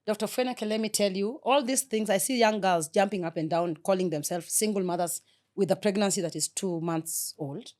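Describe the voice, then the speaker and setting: A woman's voice: mid-range voice, fairly quick. A middle-aged woman, talking earnestly and with feeling as an interview guest. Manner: earnest, heartfelt, soft-spoken. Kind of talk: emotional interview talk.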